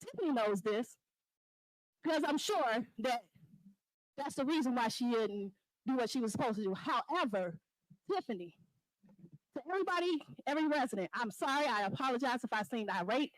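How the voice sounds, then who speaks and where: Impassioned woman with a high voice. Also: expressive, moderate pace, long pauses, dry recording, poor audio. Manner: confrontational, pleading and accusing. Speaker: resident speaking at public comment. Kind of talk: impassioned public comment. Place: village board meeting room.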